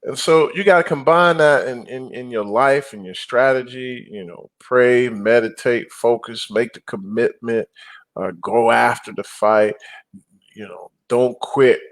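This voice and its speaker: A middle-aged man chatting as an interview guest, his voice at an ordinary middle pitch. He tells stories with lots of energy, acting out quotes and throwing in growls to make a point. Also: a little slow. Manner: animated storyteller, growls and acts out quotes. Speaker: guest, apartment investor. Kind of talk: casual interview talk.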